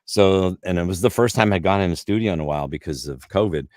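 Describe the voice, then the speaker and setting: Deep-voiced man telling lively stories. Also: fast talker, no room sound, clean studio sound. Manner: lively storyteller, repeats words when starting. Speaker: voice actor guest. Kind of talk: casual interview chat.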